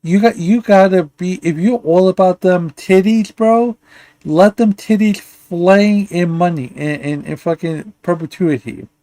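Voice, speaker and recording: A man's voice: sits high, unhurried, dark tone, no echo. A man hosting a live commentary stream, ranting in a profane, insulting way and stumbling over restarts. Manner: angry, insulting, stammers and restarts. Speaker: livestream commentary host.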